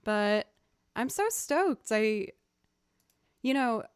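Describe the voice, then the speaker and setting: A woman's voice: on the high side, sing-song, drawn-out words, smooth, no room sound. A woman streaming as a musician, talking in a casual, chatty and upbeat way to her viewers. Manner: chatty and upbeat, says "y'all". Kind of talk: casual livestream chat. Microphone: studio mic run through audio software.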